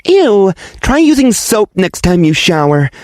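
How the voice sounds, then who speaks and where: A man's voice: high-pitched, very animated, a little slow, a little mellow, dry recording, clean studio sound, pitched above the performer's own voice. A man voicing a snooty young woman who sneers at a smelly stranger, in an audiobook reading. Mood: disgusted. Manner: sneering, disgusted.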